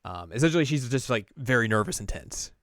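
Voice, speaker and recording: A man's voice: medium pitch, lively intonation, fairly quick, a bit bright, no room sound, studio quality. A man hosting a casual anime recap, rambling with lots of fillers and acting out the characters. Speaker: host.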